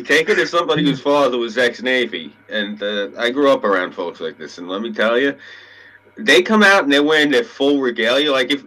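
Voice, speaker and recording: A male podcast co-host chats casually, telling rambling, profane stories and acting out the people he quotes. His mid-range voice is bright and forceful, and the poor audio carries some hiss or hum.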